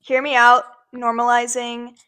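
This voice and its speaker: A chatty young woman on a friends' podcast who gets a little defensive. Her voice is bright and a bit high, and a faint background noise sits under it. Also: monotone, measured pace. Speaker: podcast co-host. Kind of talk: casual chat.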